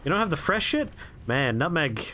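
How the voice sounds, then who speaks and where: A man streaming a game, rambling through profane, relaxed anecdotes as he plays. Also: a little high, normal speed, slight background noise. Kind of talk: casual gameplay commentary and storytelling.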